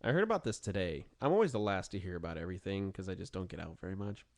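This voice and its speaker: A man co-hosts a casual late-night podcast, his voice swinging widely in pitch as he tells a story. He laughs often and slips into goofy voices. He grew up in South Louisiana. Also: lively intonation, racing, a little mellow. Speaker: podcast co-host.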